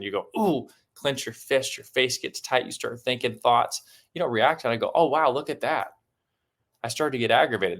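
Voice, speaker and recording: A man's voice: mid-range voice, creaky, fairly bright tone. A man guiding a breathwork session, giving encouraging instructions and rhythmic breath cues. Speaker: breathwork coach.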